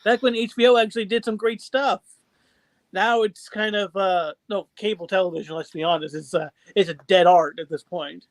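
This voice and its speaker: A man talking as a guest in a casual chat, chatty and quick to laugh. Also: sits high, steady tone, dry recording.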